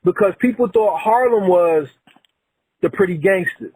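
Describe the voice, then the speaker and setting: A male podcast host talks with keen enthusiasm and rattles off name after name. His voice is fairly high for a man and sounds husky and breathy. The sound is close and dry. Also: unhurried, darkish tone, no room sound, rough recording. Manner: enthusiastic, runs through lists of names. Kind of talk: casual conversation.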